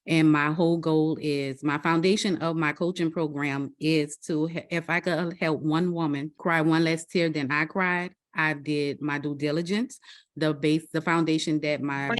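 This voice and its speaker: A woman in her forties with a New Orleans accent, a life coach introducing herself to a group, warm and emphatic, repeating words for stress. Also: sits low. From New Orleans, Louisiana. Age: 40s. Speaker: life coach and business founder. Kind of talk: self-introduction in a group call.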